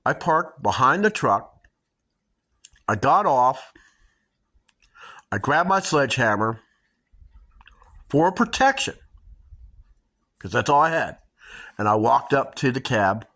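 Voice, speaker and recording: Animated storytelling woman, lively pitch. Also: slow pace, long pauses. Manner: animated, dramatic retelling. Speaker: homestead channel host. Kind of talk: casual storytelling to viewers.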